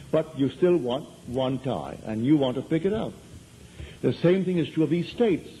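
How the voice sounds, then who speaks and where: A man's voice: fairly high pitch, dark tone, a little hiss or hum, rough recording. A man giving a spiritual lecture to an audience, telling stories in a conversational way and driving points home by repeating them. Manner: conversational storytelling, emphatic repetition. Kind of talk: metaphysical lecture to a live audience.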